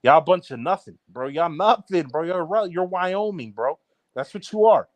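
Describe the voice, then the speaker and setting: A man's voice: high voice, expressive, moderate pace, no room sound. Brash, mocking young man trash-talking. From Baltimore area, East Coast US. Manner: brash, mocking, repeats himself with "bro". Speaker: podcast co-host. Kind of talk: casual trash-talk banter.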